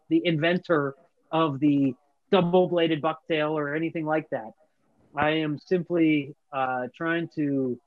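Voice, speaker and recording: A man's voice: fairly high pitch, no echo, narrow, tinny audio. A man talking casually as a guest bait maker, rambling with many restarts. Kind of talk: casual podcast chat.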